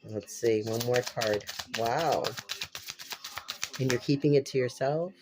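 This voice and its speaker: A man's voice: mid-range voice, takes it slowly, over music. A man with a congested, stuffy nose giving a casual tarot reading, repeating himself and exclaiming with casual swearing. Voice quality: unusual voice. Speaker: tarot reader.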